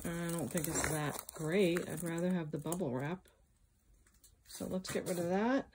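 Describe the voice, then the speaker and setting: A woman hosting a casual jewelry unboxing vlog, chatty and excitable as she unpacks at a table. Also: on the low side, measured pace, very noisy. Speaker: jewelry reseller and channel host. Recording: clear crinkling and rustling of packing. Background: clear crinkling and rustling of packing.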